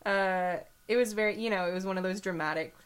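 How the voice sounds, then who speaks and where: A woman's voice: mid-range voice, fast talker, clean tone. A young woman co-hosting a podcast, telling a story in casual chat with a sarcastic, laughing manner. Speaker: podcast co-host.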